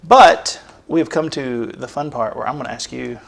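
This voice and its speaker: A man's voice: mid-range voice, normal speed, vocal fry, noisy background. A man co-hosting a podcast, chatting casually and rambling with lots of fillers. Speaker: podcast co-host and producer. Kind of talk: casual chat.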